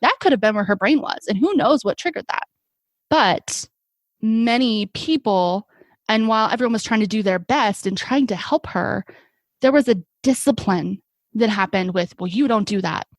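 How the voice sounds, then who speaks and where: A woman's voice: medium pitch, expressive, moderate pace, no echo. A young adult woman, an occupational therapist, telling stories in an earnest, reflective way with many fillers. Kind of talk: conversational podcast interview.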